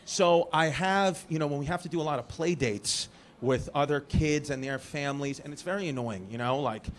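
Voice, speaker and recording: A man's voice: a little high, moderate pace. A man with a New York accent doing brash, teasing stand-up crowd work on a comedy club stage. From Brooklyn, New York. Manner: brash, teasing, rambling asides. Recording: live club recording with crowd laughter. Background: audience laughing.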